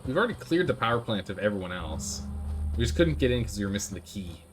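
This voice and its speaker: Lively man streaming a video game. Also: fairly low pitch, faint music behind. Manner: excitable, joking, quick to panic. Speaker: gaming streamer. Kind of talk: casual gameplay commentary.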